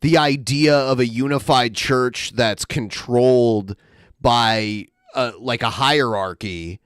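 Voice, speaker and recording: A man's voice: medium pitch, slow, a bit bright, smooth, no room sound. A man co-hosting a podcast, chatting casually with dry, sarcastic jokes. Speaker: podcast co-host. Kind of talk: casual chat.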